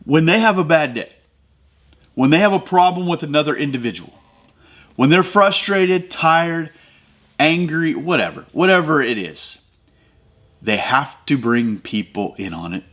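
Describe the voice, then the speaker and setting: A man's voice: on the high side, expressive, a little slow, pauses often, fairly bright tone. A middle-aged man from the American Midwest hosting a devotional podcast, talking conversationally and building to emphatic, preacher-like runs. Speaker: podcast host.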